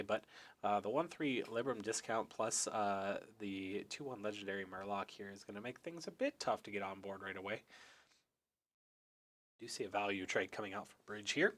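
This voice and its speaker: A hoarse young man calls a card game match on his own, in a slightly low voice. He talks in a loose, chatty way, full of small fillers as he reads the board. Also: fairly bright tone. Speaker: esports caster. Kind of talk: solo play-by-play commentary.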